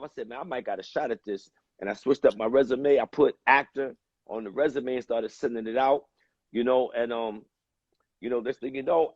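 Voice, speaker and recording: A man talks in a husky, slightly breathy voice and tells his story at an easy, meandering pace, often stopping on fillers. The sound is dull and a little lo-fi, dry and close with no room around it. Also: mid-range voice, a little mellow, no echo. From United States. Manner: laid-back, rambling with many fillers. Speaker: guest. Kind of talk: casual storytelling.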